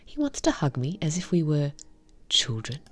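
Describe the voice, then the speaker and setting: A woman reading a visual novel aloud and commenting on it, in a soft, half-whispered, heartfelt way. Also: low-pitched, sing-song, normal speed, slightly rough. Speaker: game reviewer.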